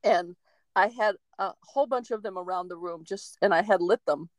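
A woman co-hosting a podcast, a medium telling a story in a lively, chatty way with laughs and acted-out quotes. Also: lowish voice, normal speed, dry recording, poor audio. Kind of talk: casual storytelling chat.

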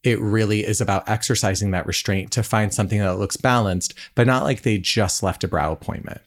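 Lower-voiced man explaining brow care. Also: fairly quick. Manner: upbeat, polished, explanatory. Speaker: eyebrow specialist guest. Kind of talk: casual podcast interview.

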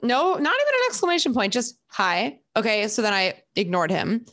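Animated young woman telling stories. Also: on the high side, a little fast. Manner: animated storyteller, acts out quotes, emphatic. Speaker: podcast host. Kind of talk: casual chat.

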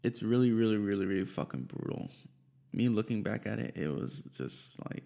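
A man's voice: lowish voice, expressive, moderate pace, creaky, warm tone. A young man telling a rambling, profane story in casual chat, full of fillers and asides. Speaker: storyteller recounting a band experience.

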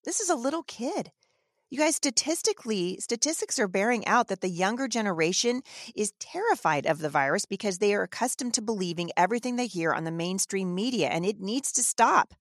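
A woman's voice: mid-range voice, animated, fairly quick, dry recording, studio quality. A woman hosting a podcast, giving emphatic, indignant opinion commentary and often restarting her sentences. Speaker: podcast host.

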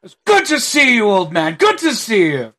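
A man voicing a boisterous, armored guildmaster who greets people with hearty, teasing warmth. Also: sits high, huge pitch swings, moderate pace, pitched above the performer's own voice, full character voice. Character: boisterous middle-aged male guildmaster, armored and friendly.

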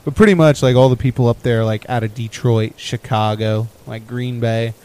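A young man telling a winter trip story on a podcast in an everyday mid-pitched voice. He rambles casually and chuckles as he goes. His voice often trails off quietly at the ends of phrases. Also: steady tone, normal speed, poor audio. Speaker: podcast co-host.

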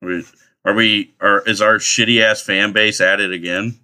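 Male podcast host, low voice with a bright edge, profane and rambling. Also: fairly even intonation, moderate pace, clean tone. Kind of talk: crude casual chat.

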